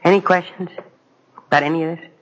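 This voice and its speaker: A man's voice: a little high, fairly even intonation, quick pace, a bit bright, slight background noise, rough recording. A middle-aged man giving a personal testimony at a recovery meeting, conversational and self-mocking, speaking straight to the audience. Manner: direct to audience, asks questions.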